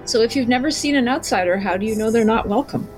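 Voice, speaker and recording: A woman playing a character in a tabletop game, speaking in a dry, deadpan, logical way. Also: a little high, fast, faint music behind, low-quality recording. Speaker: player.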